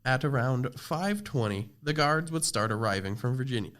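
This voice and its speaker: A man's voice: mid-range voice, lively intonation, moderate pace, fairly bright tone. A teenage boy narrating a scripted school project podcast, reading steadily with small slips and restarts. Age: teens. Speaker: student presenter.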